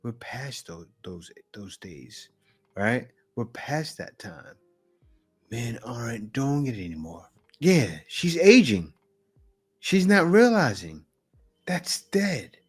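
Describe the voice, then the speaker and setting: Slow-talking man reacting to clips. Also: medium pitch, big pitch swings, breathy edge, faint music behind. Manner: laughs, repeats phrases, sings bits. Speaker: reaction video host. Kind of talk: casual commentary on clips.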